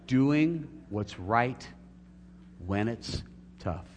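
A middle-aged male pastor delivers a sermon, earnest and building to emphatic peaks. His voice sits at an ordinary pitch and carries a long reverb from the sanctuary, with a faint hum underneath. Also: animated, very slow. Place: church sanctuary.

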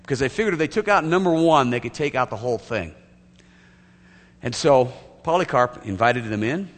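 A man's voice: medium pitch, expressive, moderate pace. A man preaching a sermon as pastor, telling a story vividly and acting out its scenes. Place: church sanctuary. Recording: echoey hall, faint hum.

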